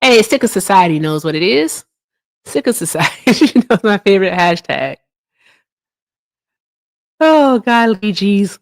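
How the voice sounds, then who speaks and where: A woman hosts a casual political livestream, talking loosely to her viewers at an everyday medium pitch. She reads their comments aloud and often jumps into high, teasing tones. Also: very animated, a little slow, long pauses. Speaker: livestream host.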